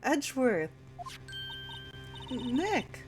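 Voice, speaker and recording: A woman voicing an eager, excitable teenage girl sidekick while reading a game aloud, with game music behind her. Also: high-pitched, drawn-out words, pitched above the performer's own voice, exaggerated voice. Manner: bright, excitable, pleading questions.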